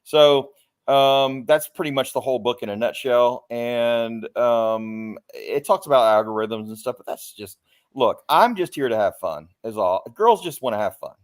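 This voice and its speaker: A man's voice: mid-range voice, animated, moderate pace. A man, a livestream panelist chatting casually, rambling and joking and swearing freely. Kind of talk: casual stream chat.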